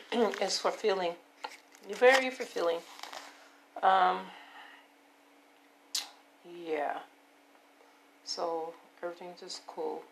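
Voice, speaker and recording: A woman in her fifties with a hoarse voice, rambling and repeating herself as she talks to her viewers about taking care of herself. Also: lowish voice, drawn-out words, pauses often, slight background noise. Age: 50s. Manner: rambling, repetitive, self-affirming. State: hoarse, voice giving out. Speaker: vlogger. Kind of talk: casual personal monologue.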